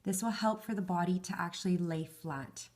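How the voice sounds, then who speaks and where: A woman's voice: on the low side, moderate pace, darkish tone, a little hiss or hum. Patient woman teaching a craft, voice fading. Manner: patient, talks through each hand step, counts stitches aloud. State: losing her voice. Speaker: craft tutorial host. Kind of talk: step-by-step crafting instruction.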